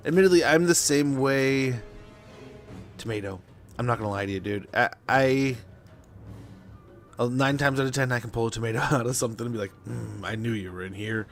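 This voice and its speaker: A man's voice: mid-range voice, a little fast, long pauses, faint music behind. A young man chatting casually and rambling while playing a strategy game on stream, with lots of fillers. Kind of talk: casual gameplay chat.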